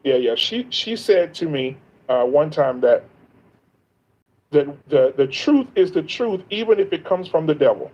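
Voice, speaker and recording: A man's voice: a little high, big pitch swings, a little slow, darkish tone, lo-fi sound. A man speaking as a guest on a livestream, earnest and emphatic, often restarting his sentences. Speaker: guest on a livestream, content creator. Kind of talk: casual livestream chat.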